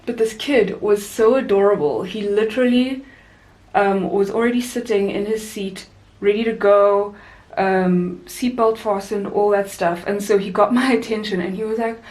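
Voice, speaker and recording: A young woman from South Africa, a flight attendant vlogger, chatting casually and animatedly while doing her makeup. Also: normal speed. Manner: chatty, animated storyteller, rising high for quoted voices. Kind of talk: casual makeup chat and storytime.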